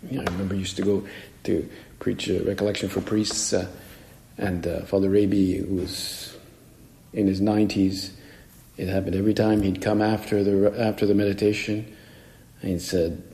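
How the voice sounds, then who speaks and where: A man's voice: deep voice, little pitch movement, normal speed, vocal fry, mellow, a little hiss or hum. A man, a priest, preaching a homily in a conversational way and acting out the voices he quotes. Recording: echoey hall with long reverb.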